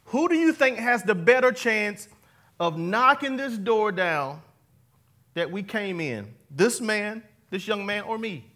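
Male pastor with a high voice, conversational sermon full of call-and-response, talking to a live congregation. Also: fairly bright tone. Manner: conversational, jokey preaching. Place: church before a live congregation.

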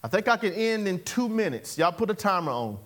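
Very high-voiced preacher man. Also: big pitch swings, brisk, background noise. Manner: exhorting, repeats catchphrases, chuckles between points. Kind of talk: sermon with call-and-response.

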